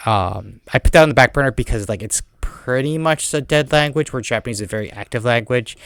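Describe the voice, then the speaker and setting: A fast-talking podcast host with a heavy non-native accent chats casually, wandering off with lots of fillers and restarts. His medium-pitched voice is smooth and a bit bright, captured in a clean, dry studio recording.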